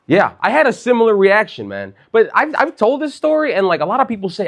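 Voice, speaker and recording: A man's voice: on the high side, big pitch swings, quick pace, hardly any pauses. A man in his thirties from Chicago doing a loose, conversational stand-up set on a comedy club stage, dropping "like" and "bro" throughout. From Chicago, USA. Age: 30s.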